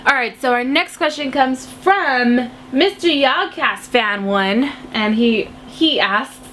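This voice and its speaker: A woman's voice: sits high, slow pace, fairly bright tone, a little hiss or hum. Playful young woman with a cold. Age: 20s. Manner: silly, playful, chatty with laughs. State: has a cold. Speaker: vlogger answering viewer questions. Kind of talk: casual chat to camera.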